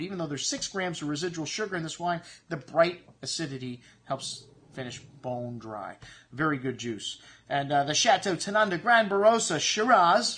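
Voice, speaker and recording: A man's voice: fairly high pitch, a bit bright. A man hosting a casual wine review, chatting through descriptive tasting notes. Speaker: wine shop host reviewing wines.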